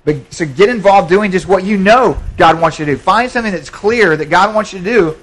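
A man's voice: sits high, a little fast, fairly bright tone, poor audio. A man pastor preaching a sermon in a church, conversational, with frequent repetitions and restarts.

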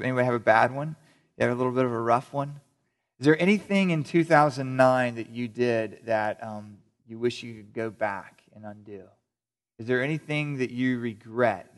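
A man preaching a sermon to a congregation. He talks conversationally, often stops to ask the people questions, and restarts or repeats words as he goes. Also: mid-range voice. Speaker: pastor. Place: church service before a congregation.

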